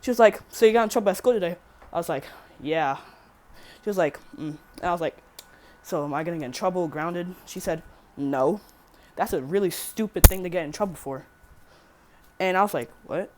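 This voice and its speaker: A woman's voice: lowish voice, moderate pace, long pauses, darkish tone, slight background noise. A teenage girl rambling through a casual storytime vlog, swearing freely and correcting herself as she goes. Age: teen. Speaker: vlogger.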